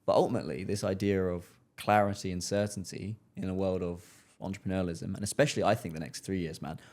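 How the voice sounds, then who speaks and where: Male interviewer, rapid delivery, inquisitive, anecdotal. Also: low-pitched, fairly even intonation, a little mellow. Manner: curious, storytelling questions. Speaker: podcast host. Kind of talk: podcast interview.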